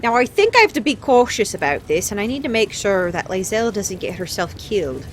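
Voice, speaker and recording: A woman's voice: mid-range voice, sing-song, fairly quick, a little hiss or hum. A woman streaming a game live, chatty and self-mocking, laughing often as she comments.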